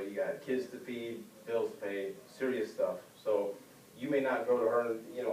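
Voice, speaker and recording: A student gives an informal, conversational class speech in a dark, mellow voice at normal speed, jumping up sharply in pitch to mimic the people in his stories. A camera at the back of the echoey classroom picks him up from a distance, with faint ambience and a little hiss or hum.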